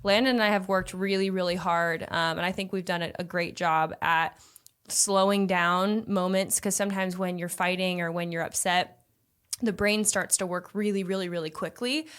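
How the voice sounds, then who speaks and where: A young woman talks through relationship advice in a relaxed chat, earnest and talkative, as if coaching a client. Her voice sits a little lower than most women's. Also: moderate pace, clear, resonant tone. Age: young adult. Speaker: host.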